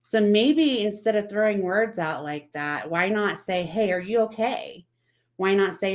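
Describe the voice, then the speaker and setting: A woman hosting a casual motivational talk, chatting and repeating herself as she quotes other people. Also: medium pitch. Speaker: vlog host.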